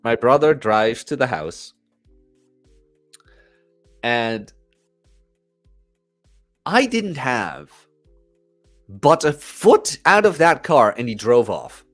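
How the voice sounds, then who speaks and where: A man's voice: mid-range voice, very slow, pauses often, no room sound, soft background music. A young man hosting a podcast, casually telling a story and acting out the people in it. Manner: animated storyteller acting out quoted voices. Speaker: podcast host.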